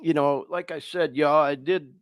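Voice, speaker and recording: A man's voice: fairly high pitch, fairly even intonation, normal speed, no room sound. A man hosting a live podcast, fighting back tears as he talks, swearing and calling his listeners y'all. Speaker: podcast host. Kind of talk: emotional live podcast talk.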